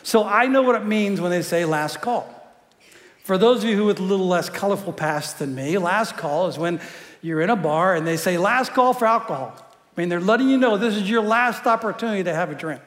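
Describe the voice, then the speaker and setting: Preaching to his congregation, this pastor speaks in a notably high voice, chatty and quick with jokes, and keeps stumbling back over his words. A big hall's long reverb fills the recording.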